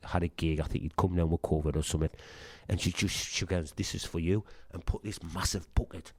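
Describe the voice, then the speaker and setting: A man's voice: deep voice, steady tone, brisk. A middle-aged man with a Sunderland accent, a punk singer chatting in an interview and telling anecdotes with swearing and acted-out dialogue. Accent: Sunderland English. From Sunderland, England. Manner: chatty and swearing, acts out dialogue in his tales. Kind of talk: casual anecdotal storytelling.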